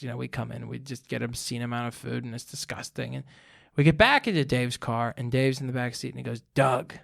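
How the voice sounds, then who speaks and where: A man's voice: mid-range voice, gravelly. A man chatting as a podcast guest, animatedly telling stories and acting out his friends' lines. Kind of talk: casual storytelling chat.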